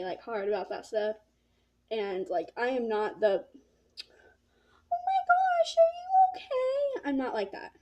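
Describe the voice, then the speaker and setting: A woman's voice: on the high side, a little mellow. A teenage girl telling a casual story-time vlog, rambling and saying "like" a lot. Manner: rambling, filled with "like". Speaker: vlogger.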